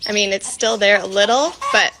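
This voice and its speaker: A woman's voice: mid-range voice, fairly quick, noisy background. A woman vlogging on her farm, chatting hopefully to viewers as she explains what she sees, filmed on a handheld phone. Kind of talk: casual explanatory vlog narration. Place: farm barn and pasture, outdoors.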